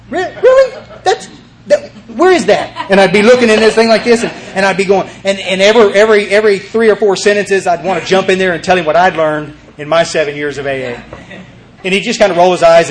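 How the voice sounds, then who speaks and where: An older man with a fairly high voice tells his recovery story to a meeting. He talks in lively bursts, acts out the voices in his tale, and often restarts his sentences. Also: a little hiss or hum.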